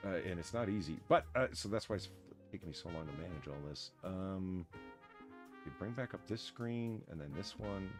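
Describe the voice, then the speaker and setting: A man hosting a casual livestream chat, joking and swearing with loud bursts of laughter. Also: low voice, moderate pace, over music. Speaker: stream host.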